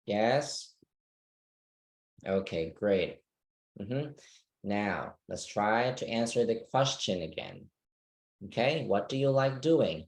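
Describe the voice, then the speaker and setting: Male English teacher, online class, unhurried, patient, checks understanding. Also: on the low side, lively intonation.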